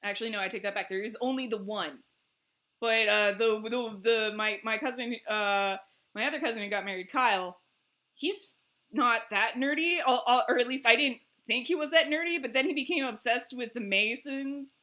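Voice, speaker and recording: A woman with a fairly high voice and a moderate pace hosts a livestream, chatting casually. She tells family stories in an animated way, laughing a lot along the way.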